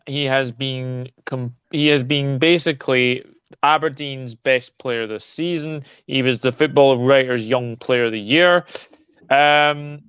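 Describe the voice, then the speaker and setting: Calm man on a dull dry line. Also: medium pitch, clean tone, no echo. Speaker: guest panelist. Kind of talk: casual chat.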